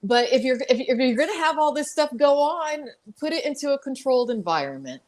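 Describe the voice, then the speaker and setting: A woman hosting a podcast gives measured advice in casual chat, often stumbling and repeating her words. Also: high-pitched, expressive, darkish tone. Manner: measured, hesitant, repeats words while reassuring. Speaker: podcast host.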